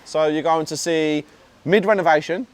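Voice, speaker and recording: A British man chatting casually in a vlog, upbeat and joking, talking in quick bursts. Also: on the high side, clean tone. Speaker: property investor vlogger.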